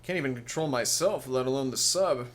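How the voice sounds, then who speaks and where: A man's voice: mid-range voice, a little fast. A man giving casual let's play commentary, sarcastic and grumbling, cursing and laughing at the game.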